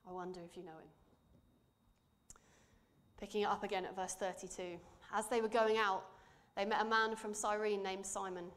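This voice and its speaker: A woman preaching in church, reading scripture and speaking in a measured, earnest way that drops softly for emphasis. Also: mid-range voice, flat delivery.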